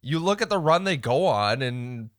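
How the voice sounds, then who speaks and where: Bright-voiced laid-back podcast guy. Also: medium pitch, animated, normal speed, no room sound, studio quality. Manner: laid-back, blunt, chatty. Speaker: podcast co-host. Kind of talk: casual sports chat.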